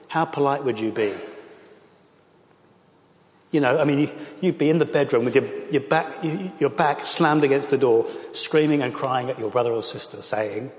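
A middle-aged man, a pastor, speaking earnestly and with passion to a church audience, with frequent fillers. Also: mid-range voice. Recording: echoey hall.

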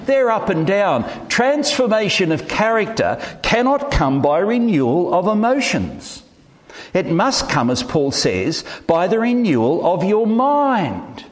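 A middle-aged man, preaching a sermon in an animated, emphatic way with self-deprecating humour. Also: high voice, a little slow. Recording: reverberant hall.

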